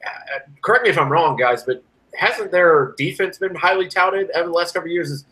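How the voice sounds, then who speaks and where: Male podcast co-host, slightly high voice, animated ranting fan talk. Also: a little fast, low-quality recording. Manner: animated, ranting, swings from loud to low. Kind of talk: casual sports podcast chat.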